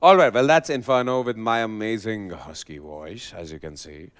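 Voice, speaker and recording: A man casting esports live, playful and excitable, teasing his co-caster. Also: fairly low pitch, normal speed, faint music behind.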